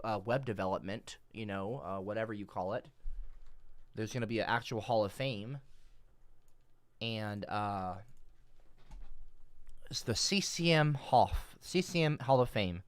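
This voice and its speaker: A man's voice: lowish voice, no room sound. A man live streaming, reading and answering his chat in a rambling, profane, exasperated rant.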